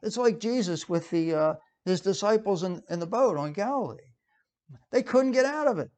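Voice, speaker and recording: A man's voice: sits high, normal speed. Conversational man preaching a sermon. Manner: conversational, lively, with frequent fillers and restarts.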